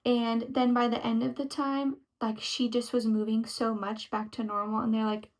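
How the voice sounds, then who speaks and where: A woman's voice: a little high, little pitch movement, moderate pace, rough recording. A young woman talking casually to her viewers in a pregnancy update vlog, full of "like" fillers and acting out quoted lines. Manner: chatty, frequent "like" fillers, acts out quotes. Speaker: vlogger. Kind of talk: casual chat.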